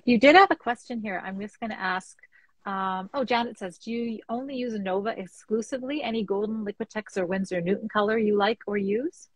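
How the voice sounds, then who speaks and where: A woman co-host speaks with a husky, breathy tone in a dry, close recording. She is friendly and informative as she passes on announcements during a video call. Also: medium pitch, brisk, no room sound, low-quality recording. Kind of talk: casual chat.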